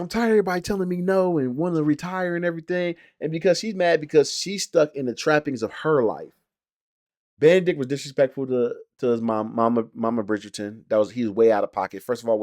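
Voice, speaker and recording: A man's voice: medium pitch, darkish tone, dry recording, studio quality. A man talking casually about a show he watched, rambling with many fillers and restarts. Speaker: show reviewer. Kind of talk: casual reaction talk.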